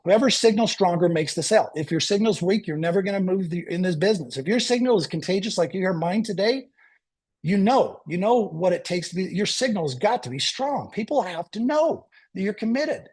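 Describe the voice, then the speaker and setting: A man giving a motivational talk to a sales team, telling an energetic story and acting out the dialogue. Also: sits high, husky. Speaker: motivational speaker.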